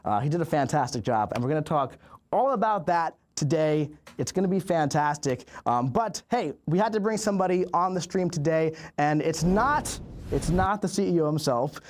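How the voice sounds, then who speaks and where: A hyped man in his thirties hosts a game livestream, talking in a fairly high voice. He stretches words for emphasis and keeps up a chatty, upbeat flow. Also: lively intonation, moderate pace, slight background noise. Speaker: livestream host. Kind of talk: energetic official stream hosting.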